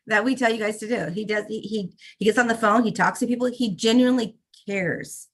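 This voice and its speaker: A woman's voice: fairly high pitch, fairly quick, few pauses. A middle-aged woman co-hosting a members' call, effusive and motherly, talking in a casual chat style. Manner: effusive, motherly, fiercely protective.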